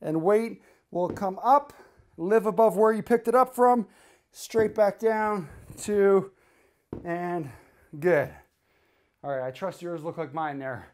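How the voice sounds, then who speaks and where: A man's voice: high voice, slow, long pauses, darkish tone. Breathless man coaching a workout. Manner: coaching cues, counting reps between efforts. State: out of breath during sets. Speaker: fitness coach. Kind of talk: workout instruction while exercising.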